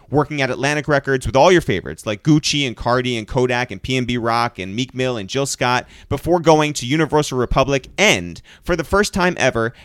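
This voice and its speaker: A man's voice: medium pitch, clear, resonant tone, no room sound, studio quality. Upbeat man hosting a podcast. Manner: upbeat promo delivery. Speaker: podcast co-host. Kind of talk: casual podcast chat and scripted shout-outs.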